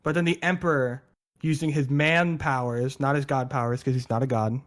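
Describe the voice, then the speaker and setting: A man in casual podcast chat, telling a story with lively, jokey quoted voices. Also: mid-range voice, moderate pace. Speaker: podcast co-host explaining lore.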